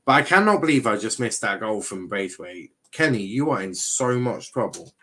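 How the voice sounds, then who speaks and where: A man's voice: fairly low pitch, sing-song, normal speed, pushed and bright, poor audio. A young man from England doing a casual live football watchalong, bantering with chat in mock outrage and often restarting his sentences. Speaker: watchalong streamer.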